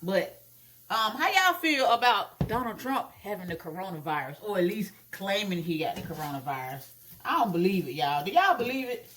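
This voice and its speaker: A young woman in braces chatting casually to her viewers while she cooks at home, talking straight to them with drawn-out asides. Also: medium pitch, sing-song, fairly bright tone, slight background noise. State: wearing new braces, teeth clanging. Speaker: vlogger. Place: home kitchen. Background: food sizzling in a pan.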